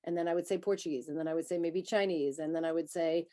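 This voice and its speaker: A woman's voice: sits low, steady tone, fast talker, warm tone. A woman from a translation agency speaking candidly and conversationally on a panel. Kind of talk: panel discussion answer.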